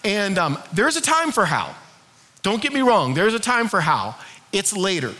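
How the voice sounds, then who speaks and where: A middle-aged male pastor preaches with a high, bright voice. He keeps it conversational and lively, pulling the congregation into call-and-response. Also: normal speed. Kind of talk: sermon.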